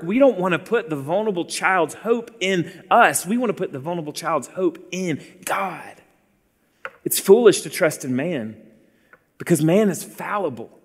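A man's voice: sits high, long reverb tail. A man in his forties preaching an earnest sermon, calling his listeners beloved.

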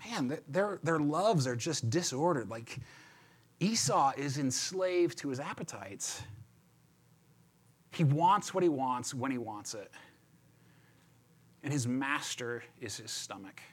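A male pastor preaching in a loose, chatty way, tossing in "right?" and "like" as he goes. His voice sits a little high and moves around a lot, lively and expressive. He restarts phrases often and keeps the tone conversational. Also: a little slow, long pauses, slightly rough. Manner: animated, chatty, repeats words and asks "right?". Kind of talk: conversational sermon.

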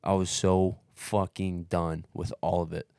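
Deep-voiced man cursing through a story. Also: flat delivery, a little slow, creaky, darkish tone, clear, resonant tone, no room sound, studio quality. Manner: blunt, heavily profane, emphatic. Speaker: podcast co-host recounting a race. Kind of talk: casual storytelling chat.

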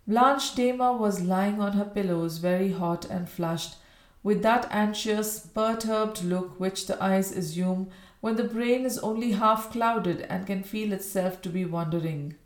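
A woman narrating a Victorian novel in a measured, even way. Her voice sits at a middle pitch. The recording carries a roomy echo. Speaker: audiobook narrator.

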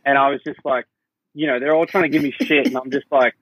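A man's voice: mid-range voice, steady tone, fast talker, fairly bright tone, husky, no echo. A young Australian man chatting as a podcast guest, rambling and restarting his sentences as he tells stories. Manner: rambling, self-interrupting storyteller with fillers. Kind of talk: casual chat. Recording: dull lo-fi sound.

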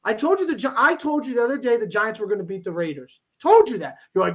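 A man's voice: high voice, big pitch swings, fast, muffled recording. A man co-hosting a sports talk show, argumentative and emphatic, often cutting in with "listen" and "bro". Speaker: sports podcast co-host.

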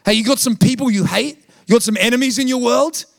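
A pastor preaching with high energy, his voice sitting high and a little gravelly. He tells his story playfully, acting out the voices of others. The sound is close and dry, with no room behind him. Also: fast talker, no echo. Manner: animated, acts out quoted voices, jokey. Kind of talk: sermon with animated storytelling.

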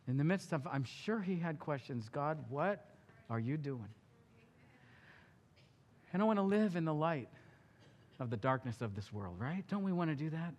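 A man preaching a sermon as a pastor. He speaks with passion, swings between loud and hushed delivery, and drops in casual asides. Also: a little high, expressive, a little fast, muffled recording. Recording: long reverb of a large hall.

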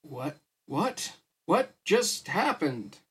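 Man doing an excitable male announcer, booming, drawn-out calls, husky. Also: full character voice. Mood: hyped.

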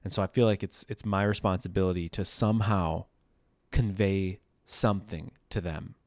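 A man's voice: sits low, fairly even intonation, moderate pace, darkish tone, dry recording, studio quality. A man in his thirties talking casually in a loose, rambling monologue, full of "like" and "you know", as a podcast host.

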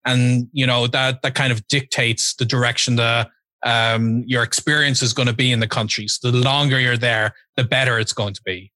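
A man's voice: mid-range voice, fairly even intonation, normal speed, sharp tone, dry recording. A man talking reflectively in a casual conversation.

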